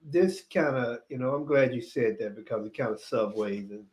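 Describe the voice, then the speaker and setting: A man's voice: mid-range voice, moderate pace, a little mellow. A man co-hosting a casual DJ podcast, talking reflectively and giving advice, with some laughing banter. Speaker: podcast co-host, DJ. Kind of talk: casual chat.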